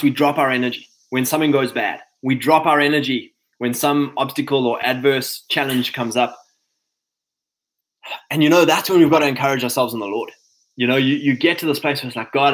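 A man talks to a group of men in a casual motivational style, his voice sitting a little high for a man. He speaks conversationally, repeats lines for emphasis and slips into quick acted-out quotes of what people say. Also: low-quality recording.

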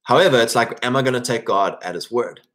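A man's voice: mid-range voice, fast, a bit bright. A man from England, preaching an informal sermon in a conversational way, often checking in with "right?" and restarting his phrases.

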